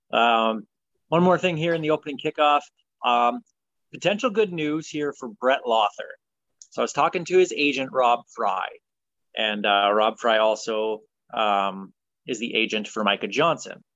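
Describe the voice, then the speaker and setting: A man leads a casual football talk segment, sliding between loose filler words and firm opinions. His voice sits at a middle pitch. The recording is close and dry, with a slightly dulled top end. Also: normal speed, no echo, dull audio. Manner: relaxed, opinionated, many ums and uhs. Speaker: sports podcast host.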